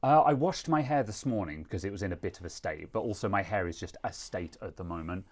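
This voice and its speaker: A man's voice: low-pitched, animated, fairly quick. A British man hosting a live stream, chatting casually in a rambling, self-mocking way. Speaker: streamer host.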